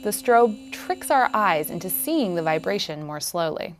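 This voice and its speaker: Woman calmly explaining vocal anatomy. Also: on the low side, a little slow, a little hiss or hum. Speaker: speech scientist demonstrating endoscopy. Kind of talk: explanatory narration.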